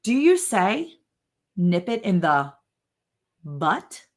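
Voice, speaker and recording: A woman's voice: fairly low pitch, very animated, drawn-out words. A woman hosting a casual live chat, telling stories and laughing often. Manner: chatty, laughing, storytelling. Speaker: live stream host.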